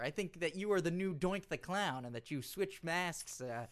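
A man co-hosting a comedy podcast, playing a faux-serious interviewer with a deadpan delivery and many hesitant fillers. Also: high-pitched, normal speed, hardly any pauses. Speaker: podcast co-host. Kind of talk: comedic mock interview and banter.

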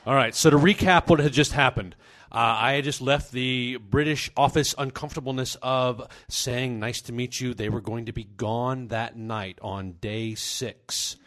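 A man's voice: mid-range voice, fairly even intonation, unhurried, a bit bright. A man tells a comic story from his own life in a wry, self-mocking tone. He plays up his own awkwardness as the story goes on.

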